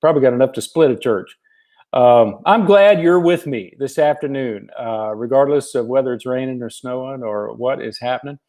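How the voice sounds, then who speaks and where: A man's voice: mid-range voice, moderate pace, a little mellow. A man hosting a casual livestream, greeting viewers by name in a folksy way with many fillers. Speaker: gospel singer hosting a livestream.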